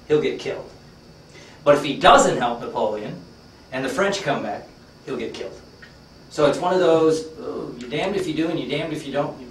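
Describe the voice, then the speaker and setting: A man's voice: mid-range voice, recorded from a distance, a little hiss or hum. Man lecturing in a roomy hall. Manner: conversational, folksy, many fillers. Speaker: workshop trainer. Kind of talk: storytelling lecture to a class.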